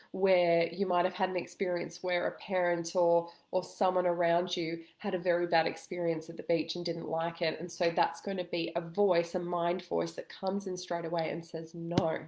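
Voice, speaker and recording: A woman coaching listeners in a calm, gentle way, giving a spoken self-help lesson with slow pauses. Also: lowish voice. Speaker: intuitive coach.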